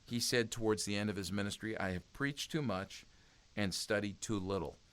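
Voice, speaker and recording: Speaking at normal speed with a lowish, slightly bright voice, this podcast guest, a youth ministry speaker, urges listeners on earnestly during a conversational interview, frequently starting sentences over.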